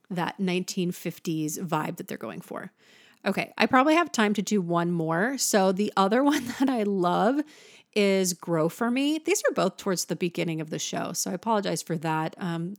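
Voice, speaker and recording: A woman's voice: lowish voice, no room sound, clean studio sound. Enthusiastic woman explaining music. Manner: enthusiastic, sings examples. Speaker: music teacher. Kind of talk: casual music lesson.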